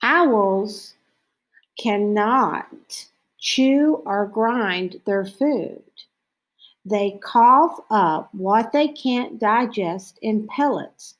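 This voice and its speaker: A woman reading a picture book about owls aloud as a lesson, slow and clear, now and then mimicking owl calls. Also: medium pitch, lively intonation, low-quality recording. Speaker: teacher reading to children.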